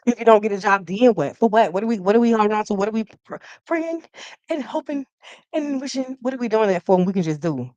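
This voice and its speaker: Woman, card reader on a live stream, mid-pitched voice, lively and joking, dry close sound. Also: racing, hardly any pauses, no echo, lo-fi sound. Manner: animated, joking and preachy, talks straight to viewers. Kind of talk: casual live-stream reading.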